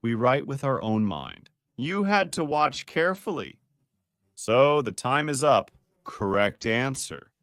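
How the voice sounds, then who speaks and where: A man's voice: mid-range voice, slow, smooth, no echo, studio quality. A man, a doctor, giving a playful video lesson on the spine and quizzing his viewers. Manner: lively, playful teaching with quiz questions to viewers. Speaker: doctor explaining spine health.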